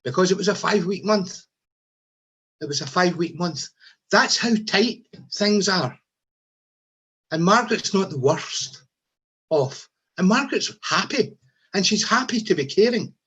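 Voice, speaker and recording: A man's voice: sits high, lively intonation, unhurried, long pauses, a bit bright, slightly rough, highs cut off. A man giving an impassioned rally speech as a union speaker, repeating his phrases and firing off rhetorical questions.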